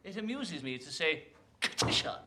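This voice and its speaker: An actor playing a flustered Victorian comic actor in rehearsal, theatrical in manner. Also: male voice, fairly high pitch, very animated, moderate pace, sharp tone, reverberant, a little hiss or hum, full character voice. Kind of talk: period film acting.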